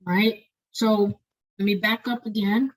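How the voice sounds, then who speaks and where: A woman leading an online lecture on doctoral writing, talking fast and often checking in with "right?". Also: medium pitch, fairly even intonation, low-quality recording. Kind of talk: webinar lecture.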